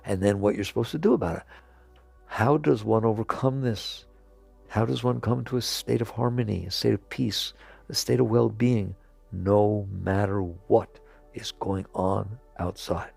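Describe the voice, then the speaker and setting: A man's voice: medium pitch, creaky, darkish tone, slightly rough. A man giving an earnest spiritual talk to an audience, asking rhetorical questions and chuckling as he makes his points. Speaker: spiritual teacher.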